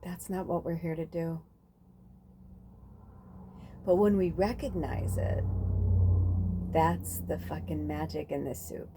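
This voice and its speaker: A woman's voice: deep voice, slow pace, long pauses, noisy background. A woman hosting a spiritual podcast, talking in a casual, rambling monologue full of fillers and the odd swear word.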